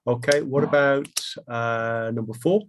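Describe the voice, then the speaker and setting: A man teaching an online English class, talking in a relaxed, chatty way with many ums and restarts. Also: medium pitch, unhurried, slight background noise.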